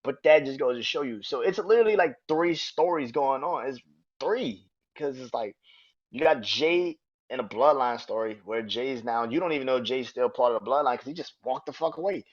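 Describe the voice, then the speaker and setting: A man hosting a podcast, reviewing wrestling in excitable, profane casual chat and laughing often. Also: mid-range voice, moderate pace, muffled recording. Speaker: podcast host.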